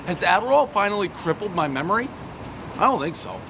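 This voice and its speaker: A man's voice: sits high, big pitch swings, a little fast, gravelly. A man giving a casual, profane, joking pizza review on a city street corner. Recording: street traffic noise.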